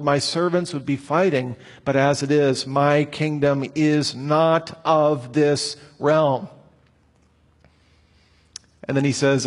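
A man teaching a Bible lesson, asking many rhetorical questions in an animated way. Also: on the high side, slightly rough. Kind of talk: lecture. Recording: long hall reverb.

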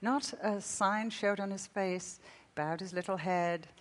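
An older woman giving a sermon, telling stories with warmth and laughter. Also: medium pitch, fairly even intonation, takes it slowly. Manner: storytelling with laughter. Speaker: speaker. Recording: long reverb of a hall.

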